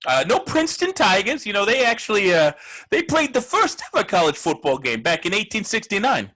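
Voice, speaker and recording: A man playing a brash, husky gambler host. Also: high-pitched, wildly swooping pitch, a little fast, heavily acted. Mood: ranting. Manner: loud, ranting, profane, mocking. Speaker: sports show host. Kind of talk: comedic sports rant.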